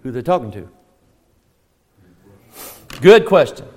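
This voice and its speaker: A man preaching with a high-pitched voice, pressing his points with rhetorical questions and sudden near shouts. His voice rings out with the long reverb of a big hall. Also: very animated, slow pace. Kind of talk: sermon.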